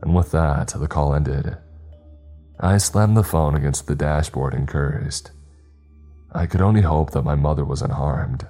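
A man reading a first-person horror story in a measured, grave storytelling manner. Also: rumbling low, dark tone. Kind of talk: scripted horror narration. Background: faint background music.

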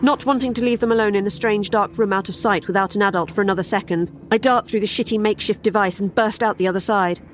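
A woman narrates a first-person horror tale in a wry, sardonic tone. Her voice sits at a mid pitch. Faint music runs beneath her. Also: steady tone, fast talker, hardly any pauses.

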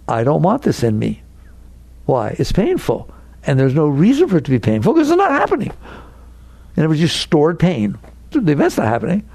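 A man's voice: a little high, creaky, warm tone, no room sound. An older man giving a spiritual talk to an audience, speaking conversationally and asking many rhetorical questions. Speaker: spiritual teacher.

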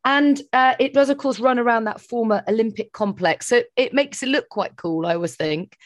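Woman, podcast co-host, lively chatty storyteller, dry close sound. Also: fairly high pitch, moderate pace, dry recording. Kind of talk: casual chat.

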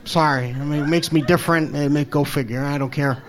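A man telling a personal story, halting and stammering, openly emotional and self-deprecating. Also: fairly high pitch, steady tone. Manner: halting, stammers and repeats words. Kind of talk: personal story told live.

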